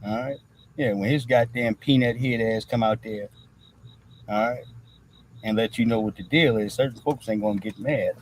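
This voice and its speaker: A man's voice: medium pitch, normal speed, a little hiss or hum, low-quality recording. A man hosting a livestream, talking in loose, profane commentary and repeating "all right" between nearly every thought. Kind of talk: casual rambling commentary.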